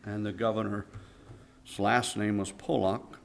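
A man's voice: lowish voice, level tone, a little slow, creaky, slight background noise. Dramatic storytelling preacher, man. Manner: dramatic, swings between hushed and loud. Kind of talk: sermon storytelling.

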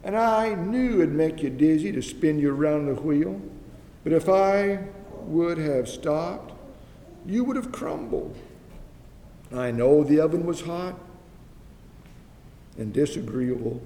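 A patient, knowing master potter speaks in a measured, reassuring way, as a preacher takes on the part. His tone is mellow and gravelly. The voice echoes through a large hall. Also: on the high side. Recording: echoey hall with faint noise.

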